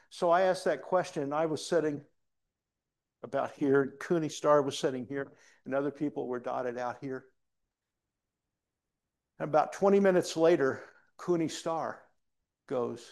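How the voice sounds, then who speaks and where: A man's voice: mid-range voice, a little mellow. A male pastor preaching a sermon in a church, telling a story earnestly with frequent restarts.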